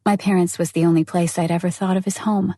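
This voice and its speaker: A woman narrating a novel in the first person, in an even, intimate storytelling manner. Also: fairly low pitch, quick pace, dry recording. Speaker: audiobook narrator.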